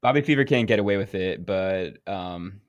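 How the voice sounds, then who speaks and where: A man's voice: low-pitched, moderate pace. A man co-hosting a casual sports podcast, laid-back and drawling as he tells stories. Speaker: podcast co-host.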